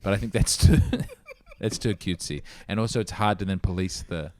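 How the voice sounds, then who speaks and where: A man hosting a casual comedic chat, riffing in a dry, deadpan, rambling way. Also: sits low, normal speed. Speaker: podcast host.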